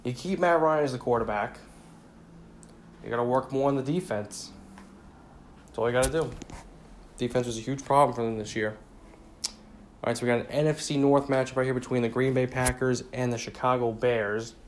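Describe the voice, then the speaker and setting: A man's voice: mid-range voice, a little fast, long pauses, a little hiss or hum. A man casually giving football predictions in a conversational way, often repeating his points and saying "you know.". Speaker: sports commentator.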